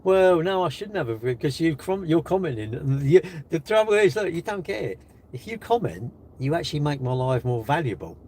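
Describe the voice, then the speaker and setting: A man's voice: fairly high pitch, lively intonation, moderate pace, a little mellow, slight background noise. A man with a British accent on a live stream, sitting in his car, reading viewers' comments aloud and answering them with sarcastic, mocking jabs. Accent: British English. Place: in a car while charging it.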